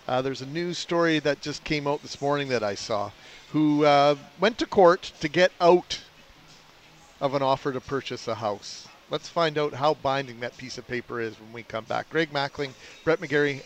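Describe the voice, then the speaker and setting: A man hosting a live radio broadcast from an outdoor patio, steering between segments with easy patter. His voice sits on the higher side, and a faint hum runs beneath it. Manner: smooth segue-driven host patter. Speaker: radio host. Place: outdoor patio under a roof.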